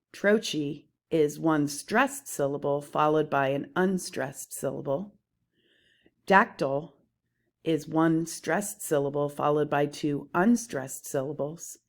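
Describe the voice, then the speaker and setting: Slow, low-voiced woman teaching poetry terms. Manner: slow, deliberate explaining. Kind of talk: slide lecture on poetry.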